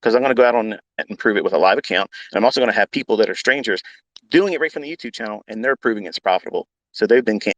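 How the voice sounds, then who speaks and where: A man mentoring others in trading delivers an unscripted rant, blunt, repetitive and heavy with swearing. His voice is lowish and racing, and the recording is dry and rough.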